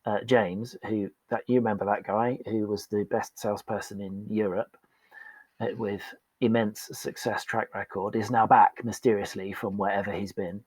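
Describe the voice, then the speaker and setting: A man's voice: fairly low pitch, level tone, normal speed, a little mellow, husky, no echo. A man, a podcast guest speaking frankly and with self-deprecating humour about his past work. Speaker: podcast guest, performance coach. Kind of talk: candid storytelling in conversation.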